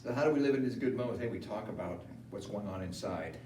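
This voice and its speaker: A man preaching a funeral sermon in a conversational way that rises to animated emphasis. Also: lowish voice, fast. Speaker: pastor. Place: funeral home chapel. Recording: echoey room from far off, faint hiss.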